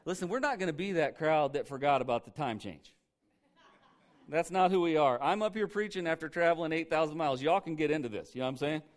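Emphatic preacher man, slightly high voice. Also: expressive, fast talker. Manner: emphatic, conversational preaching with rhetorical questions. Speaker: pastor. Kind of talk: sermon.

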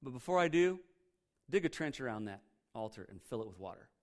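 A man's voice: medium pitch, sing-song, brisk, voice pushed down, close to an everyday voice. A man acting out a bold, mocking male prophet who taunts his rivals. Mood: cocky. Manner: cocky, taunting.

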